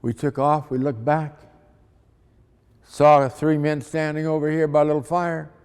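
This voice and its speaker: A man's voice: a little high, level tone, unhurried, a little mellow, smooth. A man, a missionary, telling a testimony story in a folksy, dramatic way. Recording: long hall reverb.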